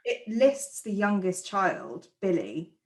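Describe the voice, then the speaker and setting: A woman from England co-hosting a podcast, chatting casually and giving her opinions on a film's casting with quick asides. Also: mid-range voice, sing-song. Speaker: podcast co-host. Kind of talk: casual film review chat.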